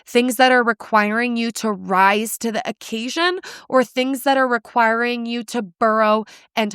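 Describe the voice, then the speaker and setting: A woman's voice: a little high, smooth, no room sound, clean studio sound. A young woman hosting a solo coaching podcast, talking bluntly and with energy. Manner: blunt, animated, casual swearing. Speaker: podcast host, nutrition coach.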